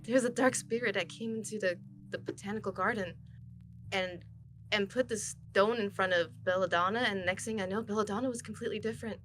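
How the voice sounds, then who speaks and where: Brief: jittery, excitable young woman in a tabletop game, quick startled outbursts, put on by a woman; bright voice. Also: medium pitch, soft background music, natural voice. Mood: frightened.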